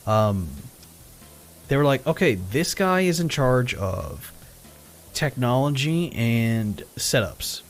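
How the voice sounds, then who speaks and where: A man streaming live, casually telling a story full of quoted back-and-forth, with frequent swearing and chuckles. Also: mid-range voice. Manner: animated retelling with quoted dialogue, swearing, chuckles. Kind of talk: casual storytelling while gaming.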